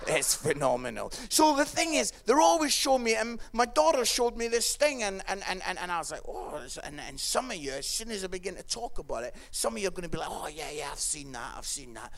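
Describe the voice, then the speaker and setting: High gravelly guy preaching, jokey and chatty, keeps going "yeah?". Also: sing-song, fast, few pauses. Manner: chatty, often tags lines with "yeah?"; acts out quoted voices, dropping low for the kids and listeners. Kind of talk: humorous sermon.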